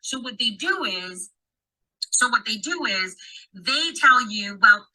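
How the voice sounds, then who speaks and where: A woman's voice: on the high side, expressive, slow, pushed and bright, low-quality recording. A woman chatting casually on a podcast, swearing freely and acting out quoted dialogue as she tells a story.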